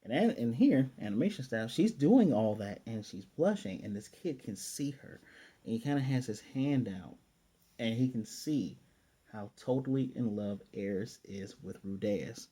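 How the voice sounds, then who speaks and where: A man giving a casual, chatty recap of an anime episode, loose and animated, with fillers and self-corrections. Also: medium pitch, normal speed, breathy edge. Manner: animated retelling, often paraphrasing the characters' lines. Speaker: anime reviewer.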